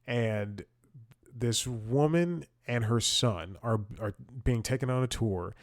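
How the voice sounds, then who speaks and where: A young man hosting a comedy podcast tells a rambling story at a slow pace in a mid-range voice. The recording is dry and studio-clean, and he often chuckles and restarts his sentences in this casual comedic monologue.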